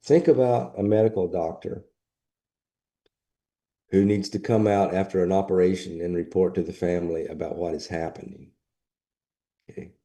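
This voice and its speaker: A man's voice: low-pitched, fairly even intonation, normal speed, long pauses, warm tone. A man teaching a lecture to graduate students, plain and matter-of-fact, repeating his points. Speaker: instructor. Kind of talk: recorded lecture.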